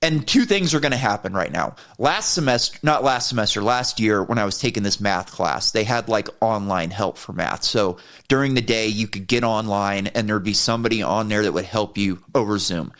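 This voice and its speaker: A man co-hosting a podcast, telling a heated personal story in a casual, profane way and getting animated when he quotes himself. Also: on the low side, a little fast, few pauses. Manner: profane, heated retelling of an argument. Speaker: podcast co-host.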